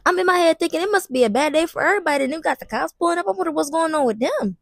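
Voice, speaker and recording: Young woman, high voice, dry close sound, animated storytime, slangy and blunt. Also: fast talker, few pauses, dry recording. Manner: animated and dramatic, talking straight to the viewer; slangy and blunt, with some swearing. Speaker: vlogger. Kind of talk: casual storytime.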